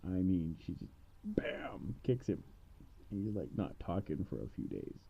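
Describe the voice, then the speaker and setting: A man casually retelling a fairy tale in playful slang, punctuating it with shouts of bam. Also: sits low, sing-song, moderate pace, gravelly, dull audio, a little hiss or hum.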